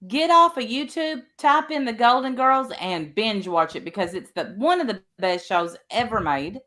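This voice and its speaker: A woman's voice: a little high, animated, normal speed, bright, forceful tone. A woman co-hosting a casual livestream, chatting and rambling to viewers. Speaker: livestream co-host.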